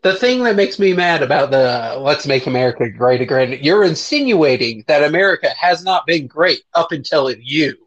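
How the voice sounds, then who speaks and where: A man's voice: a little high, expressive, normal speed, few pauses, a bit bright. A young man in casual podcast chat, joking crudely and swearing freely between laughs. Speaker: podcast co-host. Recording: dull lo-fi sound.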